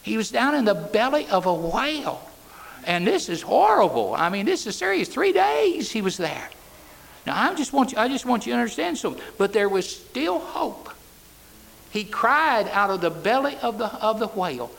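A man preaching a sermon, swinging between loud cries and hushed, soft words. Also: sits high, very animated, moderate pace, vocal fry.

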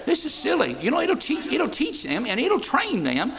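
A man preaches in a folksy, repetitive way. His voice sits high for a man and leaps all over the place, with a gravelly edge. He keeps calling out "amen" as he stumbles through restarts. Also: huge pitch swings, normal speed, a bit bright, poor audio. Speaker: pastor. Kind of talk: sermon. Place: church.

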